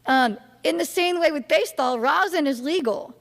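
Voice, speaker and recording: Chatty high-voiced woman lecturing. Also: animated, moderate pace, vocal fry, fairly bright tone. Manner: chatty, many fillers and restarts, asks the audience questions. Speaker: political science instructor. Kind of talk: casual classroom lecture. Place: classroom or lecture hall. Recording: long hall reverb.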